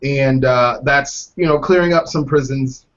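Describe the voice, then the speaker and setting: A man hosting a casual podcast, chatting about news with jokes and quick asides. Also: medium pitch, a bit bright. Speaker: podcast host. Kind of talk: casual political chat. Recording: dull lo-fi podcast audio.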